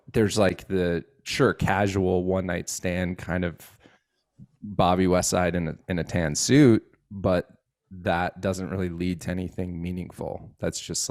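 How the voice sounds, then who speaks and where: Slow-paced and deep-voiced, this podcast co-host spins stories in a casual chat, voicing each person he quotes with animation. The studio-quality audio has no room sound.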